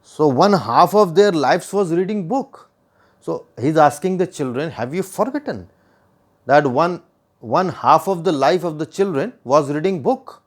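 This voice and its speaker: Indian English male teacher, rather high, very animated pitch, explains a poem line by line and keeps repeating himself. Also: measured pace. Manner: repeats and rephrases points, asks the listener questions.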